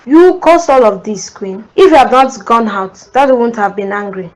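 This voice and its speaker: A woman's voice: fairly high pitch, lively intonation, normal speed, slight background noise, close to an everyday voice, low-quality recording. A woman voicing an angry teenage daughter in a cartoon, sharply blaming her sister. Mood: accusing.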